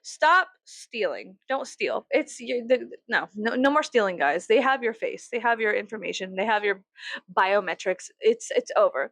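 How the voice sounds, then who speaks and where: A woman in her thirties from the United States, vlogging at home while she gets ready, rambling and swearing, mocking herself and breaking into loud laughs. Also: on the high side, sing-song, normal speed, no room sound. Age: 30s. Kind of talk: casual get-ready-with-me chat.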